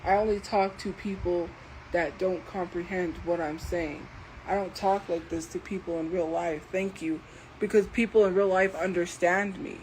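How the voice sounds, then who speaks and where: A woman livestreamer talking slowly and deliberately as she defends herself against commenters in her chat. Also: fairly low pitch, fairly even intonation, a little mellow, a little hiss or hum, poor audio. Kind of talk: live stream talking to chat.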